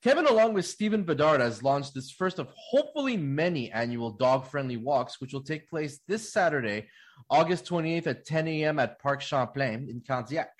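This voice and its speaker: A man's voice: on the high side, expressive, moderate pace. A man, a parent himself, hosting an interview, rambling through his questions with many fillers and false starts. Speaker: radio host.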